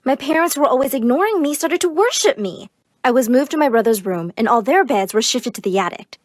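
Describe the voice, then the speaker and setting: A young woman narrating an animated story in a dramatic, scripted way. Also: high voice, a little fast, no echo, studio quality. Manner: expressive, dramatic.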